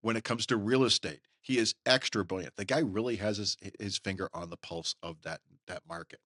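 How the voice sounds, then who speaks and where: Middle-aged guy podcasting solo, deepish voice, opinionated and folksy, quick little impressions, dead dry sound. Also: a bit bright, no echo. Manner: emphatic, folksy, mimics others in quick asides. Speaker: podcast host.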